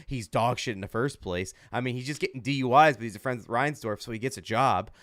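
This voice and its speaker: A man's voice: mid-range voice, fast, fairly bright tone, no room sound, clean studio sound. A man hosting a casual sports podcast, ranting heatedly and swearing a lot. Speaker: podcast host.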